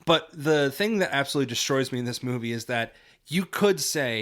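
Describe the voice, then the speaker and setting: A man co-hosting a podcast, chatting casually about a film, animated and laughing often, with many fillers. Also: medium pitch, fairly quick. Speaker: podcast co-host. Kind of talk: casual film review chat.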